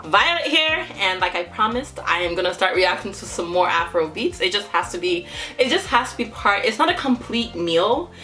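A young woman from Nigeria talks through a reaction video in a bright, lively voice that rises and falls a lot. She exclaims and laughs often. Faint music plays behind her. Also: medium pitch, moderate pace. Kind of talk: casual reaction commentary.

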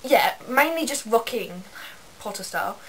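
A woman's voice: a little high, expressive, normal speed, a crowd in the background, poor audio. A woman co-hosting a vlog, chatting casually in an emphatic way. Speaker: vlog co-host. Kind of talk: casual chat.

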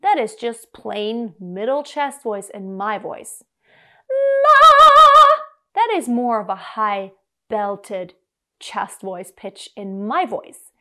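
A woman from Germany, a vocal coach, explaining singing technique in a clear, deliberate way to camera. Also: mid-range voice.

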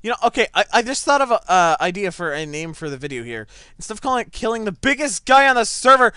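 A young man talks through his gameplay in a high, bouncy voice that swings wide. His tone is smooth and clear, and the room sounds dry and close. He gets excitable and yelps when things go wild. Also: quick pace, hardly any pauses, dry recording. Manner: excitable, yelps and laughs at big moments. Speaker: gaming channel host. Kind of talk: gameplay commentary. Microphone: desk microphone set back a little.

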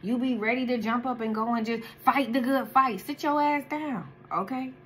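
A woman's voice: a little high, normal speed, a bit bright, slight background noise. A woman with a daughter doing a casual tarot reading, talking bluntly with heavy slang and profanity. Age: adult, has a daughter. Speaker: tarot card reader.

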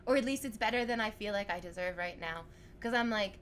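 A woman streaming live while sick, excitedly thanking her chat for donations, gushing, swearing freely and squealing. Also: a little high, fairly quick, a little hiss or hum.

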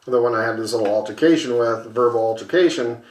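Animated, swearing storyteller man, roomy sound. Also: medium pitch, fast. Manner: animated storyteller, acts out voices, swears freely. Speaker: podcast co-host. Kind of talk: casual storytelling over a beer.

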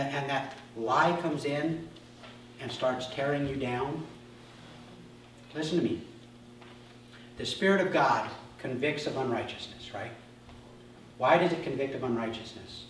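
A male pastor delivering a sermon, emphatic, dropping to soft asides and then rising sharply. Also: on the high side, a little hiss or hum. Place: church sanctuary. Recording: echoey church hall from far off.

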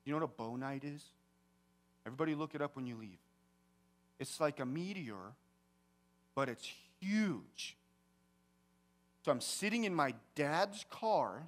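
A man pastor preaching a sermon, telling a personal story with big swings from hushed to loud. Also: fairly high pitch. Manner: animated storytelling, swings from quiet to shouting. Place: church sanctuary.

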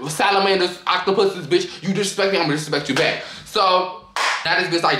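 A young man telling a profane, animated storytime to his vlog audience, often breaking into laughter. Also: sits high, fairly quick, noisy background. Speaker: vlogger. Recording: echoey room.

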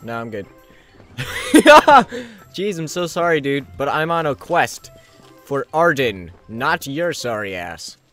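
A young man talks over his gameplay at a desk mic, jokey and quick to shout at enemies. His pitch leaps around as he reacts. Faint music plays underneath. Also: sing-song. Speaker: gameplay commentator. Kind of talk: let's play commentary.

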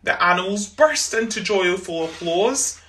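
A woman reads a rhyming children's picture book aloud for a school. Her delivery is rhythmic and expressive, with a very lively pitch in a middle register. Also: measured pace, slight background noise. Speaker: school reader. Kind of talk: storybook read-aloud.

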